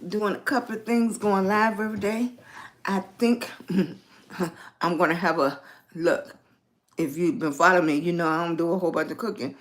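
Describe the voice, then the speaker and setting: A middle-aged woman with a Virginian Southern accent, chatting casually on a livestream, greeting viewers by name and spelling them out. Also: medium pitch. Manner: slow, warm greetings to chat, spells out viewer names. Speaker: lifestyle livestreamer.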